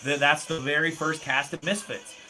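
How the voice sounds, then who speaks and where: A man's voice: on the high side, steady tone, normal speed, bright, forceful tone. A middle-aged man from Canada, hosting a live show in a loose, rambling, profane way, laughing often and restarting sentences. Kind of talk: rambling live-stream chat. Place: small home studio. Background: faint background music.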